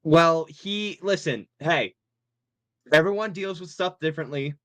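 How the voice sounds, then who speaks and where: Male player, rambling, fairly high voice, dry. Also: measured pace, fairly bright tone, no room sound. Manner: rambling, filler-heavy. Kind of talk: playing in a tabletop game.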